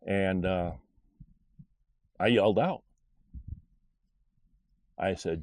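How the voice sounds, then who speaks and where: A man's voice: low-pitched, animated, unhurried, long pauses, darkish tone. A middle-aged man telling a personal faith story in a rambling, earnest, conversational way. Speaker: podcast storyteller.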